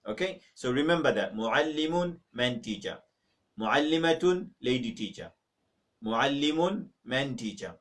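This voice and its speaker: A male teacher leading an online Arabic lesson at a measured, drilling pace. He repeats each word and has the students echo it, then urges them firmly to keep practising. His voice sounds a little distant from the microphone. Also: mid-range voice, animated, a bit bright. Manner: drills words slowly, makes students repeat; emphatic, exhorting. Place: mosque teaching room. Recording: voice a little far from the mic.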